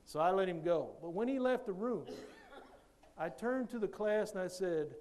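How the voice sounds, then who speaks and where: A man's voice: sits high, normal speed. A man who coaches, giving a motivational speech to teachers and acting out the dialogue in his stories. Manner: animated storyteller who acts out dialogue.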